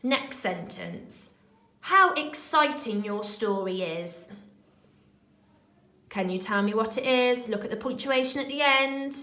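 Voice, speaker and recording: Slow, encouraging woman teacher. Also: high-pitched, pushed and bright, reverberant, rough recording. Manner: slow, clear and encouraging, addressing young children. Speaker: primary school teacher. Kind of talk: recorded remote lesson.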